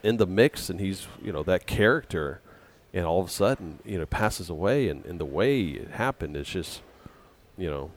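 A man with a very low voice tells stories in a relaxed, rambling way. He slips into little acted quotes as he goes. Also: moderate pace. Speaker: podcast guest. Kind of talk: casual storytelling.

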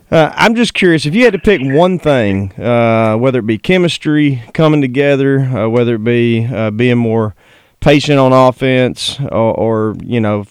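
A man's voice: medium pitch, clear, resonant tone, no echo, studio quality. A man co-hosting sports radio, earnest, asking a long, winding question. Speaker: radio co-host.

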